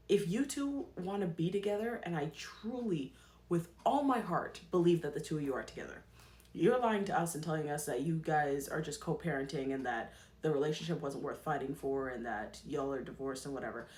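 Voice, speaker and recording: A woman's voice: deep voice, darkish tone. Emphatic woman commentator in an echoey room. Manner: emphatic, repeats herself for stress. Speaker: podcast host. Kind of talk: casual commentary.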